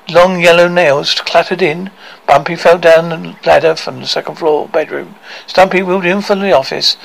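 Man reading a funny storybook aloud, pretty high voice, lively, gravelly edge. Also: low-quality recording. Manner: animated, expressive reading with occasional stumbles. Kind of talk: storybook read-aloud narration.

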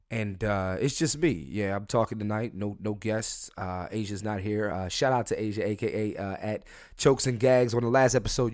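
A young man hosting a solo podcast from his room at home, drunk and high, talking loosely and jokingly, with mumbled asides that break into loud emphatic bursts. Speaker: podcast host. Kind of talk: casual solo podcast rant.

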